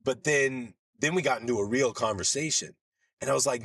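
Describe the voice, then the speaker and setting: A man's voice: mid-range voice, brisk, a bit bright, dry recording, clean studio sound. A man from Los Angeles, a screenwriter and producer, guesting on a podcast and telling rambling, profanity-laced stories in casual conversation. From Los Angeles, United States. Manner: rambling anecdotal storyteller who swears freely.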